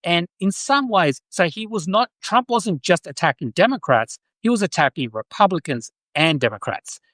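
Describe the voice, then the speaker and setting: A man's voice: a little high, fairly bright tone, no echo. A man with an Australian accent hosting a podcast, talking through political commentary in a casual, rambling way that circles back and corrects itself. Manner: rambling, self-correcting, many restarts. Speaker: podcast host. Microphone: livestream mic.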